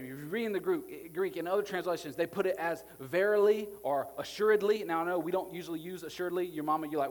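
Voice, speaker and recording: A male pastor preaching to a live congregation, swinging between hushed, almost whispered passages and loud, emphatic ones. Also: on the high side, fast, few pauses. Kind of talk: sermon. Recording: long hall reverb with faint music behind.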